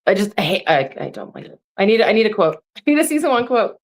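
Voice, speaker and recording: A woman's voice: medium pitch, sing-song, fast talker. A woman co-hosting a podcast, rambling casually with lots of "like" as she shares her opinions about a show. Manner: rambling, heavy use of "like". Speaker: podcast co-host. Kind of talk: casual recap chat.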